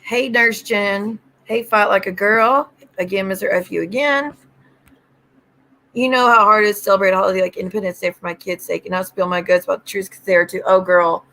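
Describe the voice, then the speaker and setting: A woman's voice: mid-range voice, steady tone, fairly quick, bright, forceful tone. A woman hosting a casual livestream, greeting viewers by name and ranting bluntly with lots of swearing. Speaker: livestream host.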